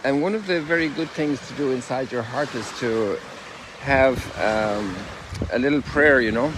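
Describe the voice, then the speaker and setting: A man, a Catholic priest, gives a reflective spiritual talk while strolling outdoors. He exclaims in wonder and reads scripture slowly and emphatically. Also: mid-range voice, background noise. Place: outdoors by a lakeshore at sunrise.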